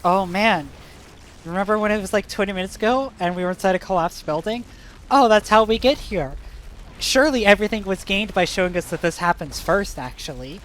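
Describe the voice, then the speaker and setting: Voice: mid-range voice, a little fast, fairly bright tone, a little hiss or hum. A streamer chatting casually over gameplay, joking and laughing often with rambling asides.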